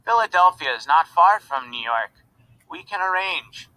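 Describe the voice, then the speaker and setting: A man reading aloud, voicing a kindly foreign gentleman who speaks gentle, broken English. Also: on the high side, expressive, normal speed, no room sound, voice pushed up, poor audio.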